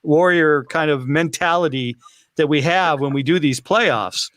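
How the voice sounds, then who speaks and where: A man, a sports camera operator, chatting casually as a guest over a video call, halting and restarting his sentences. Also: on the high side, fairly bright tone, dry recording.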